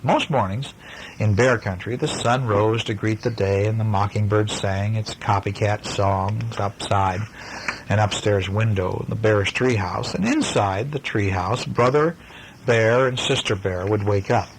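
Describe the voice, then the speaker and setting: A hoarse father reading a bedtime story to his children, gentle and chatty, stopping to talk about the pictures. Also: lowish voice, unhurried, a little hiss or hum, rough recording.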